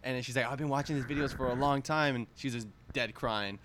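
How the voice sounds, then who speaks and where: A man's voice: medium pitch, fairly even intonation, fast talker, fairly bright tone. A young man hosting a podcast, telling a story in casual, profane, slangy chat. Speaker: podcast host.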